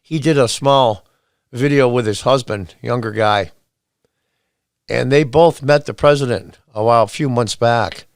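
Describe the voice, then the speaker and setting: A man's voice: mid-range voice, unhurried, no room sound, clean studio sound. A man hosting an opinion commentary show, sarcastic, blunt and exasperated, reading quotes aloud and firing back at them. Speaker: podcast host.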